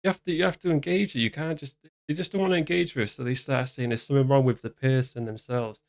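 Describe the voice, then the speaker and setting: A man's voice: mid-range voice, steady tone, fast talker, creaky. A man hosting a reaction commentary, talking casually in a sarcastic, mocking way with lots of restarts. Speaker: commentary channel host.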